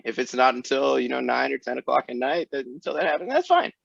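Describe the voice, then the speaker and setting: A man, a runner being interviewed, who answers with dry, deadpan jokes in casual chat. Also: medium pitch, quick pace, gravelly, dry recording, highs cut off. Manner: dry joking, deadpan humor. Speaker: ultrarunner guest.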